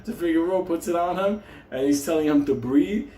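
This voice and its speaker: A man's voice: a little high, brisk, dark tone. A man from New York telling a story casually, swearing constantly and laughing through his words. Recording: roomy echo, faint hum.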